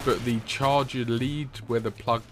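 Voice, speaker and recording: A man's voice: medium pitch, steady tone, a little slow, soft background music. A young man, chatting casually over gameplay in a rambling, swear-heavy way. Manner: rambling, swears often, laughs at own stories. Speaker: gaming commentator.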